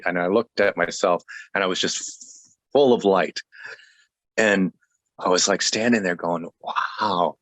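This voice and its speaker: Low-voiced pastor telling his story. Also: fairly bright tone, dry recording. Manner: jokey, laughs often; halting, with many restarts. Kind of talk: personal testimony in conversation.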